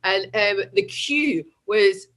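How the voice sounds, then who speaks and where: A woman's voice: medium pitch, takes it slowly, a bit bright. A Scottish woman in her forties, a guest chatting casually over a remote call and laughing often as she tells stories. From Scotland. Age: 40s. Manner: chatty, laughs often, acts out voices in anecdotes. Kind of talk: casual chat.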